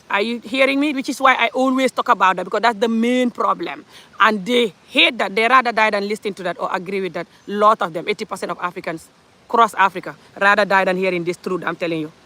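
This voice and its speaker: A woman's voice: mid-range voice, fairly bright tone. A woman from Gambia, passionately ranting in an opinionated social commentary monologue, full of rhetorical questions. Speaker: commentary vlogger.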